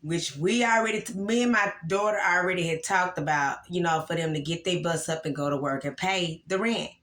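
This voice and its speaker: Woman, 40s, angry vlog rant, bright tone, echoey room. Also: lowish voice, fairly quick. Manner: emotional, repetitive, upset and angry. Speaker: vlogger. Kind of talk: casual vlog venting to viewers.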